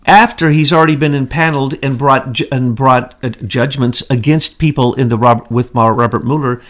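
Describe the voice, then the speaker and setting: A man co-hosting a political commentary show, talking indignantly in rapid strings of rhetorical questions. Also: medium pitch, steady tone, a bit bright. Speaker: co-host.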